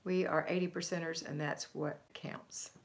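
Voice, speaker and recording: A woman with a somewhat low-pitched voice hosts a live homemaking stream. She talks in an emphatic, upbeat coaching tone and reads out viewer comments in a casual, chatty way. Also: steady tone, moderate pace. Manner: reads viewer comments aloud and answers them. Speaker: homemaking livestream host. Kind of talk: live motivational chat, reading viewer comments.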